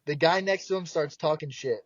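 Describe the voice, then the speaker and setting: Podcast guest: young man from South Jersey, lively profane storyteller, fairly high voice, dry dull recording. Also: brisk, no echo. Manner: animated, profane, acts out quoted voices. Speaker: podcast guest, pro baseball pitcher. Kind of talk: casual storytelling.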